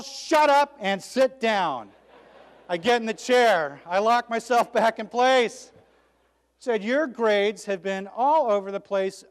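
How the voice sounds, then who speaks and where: Animated man telling a story in a hall. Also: sits high, clear, resonant tone. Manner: dramatic, acts out dialogue and shouted cheers. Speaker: keynote speaker. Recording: long hall reverb.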